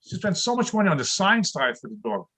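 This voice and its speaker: An older man doing a stand-up comedy routine over a video call, delivering deadpan one-liners about his home life. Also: high voice, fast, husky, rough recording.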